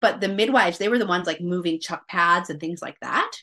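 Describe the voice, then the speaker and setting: Animated woman telling her story. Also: lowish voice, fairly quick. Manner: animated, quotes her own thoughts, many fillers. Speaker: podcast guest. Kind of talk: casual storytelling.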